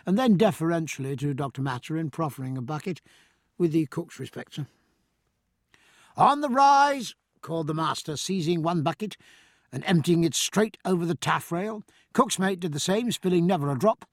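A man narrating an audiobook with measured, expressive storytelling into a close mic. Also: a little high, no echo. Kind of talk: scripted narration.

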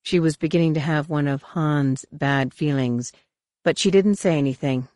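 A woman with a low voice narrates an audiobook from a script, reading in a measured, expressive way. The recording is dry, with clean studio sound.

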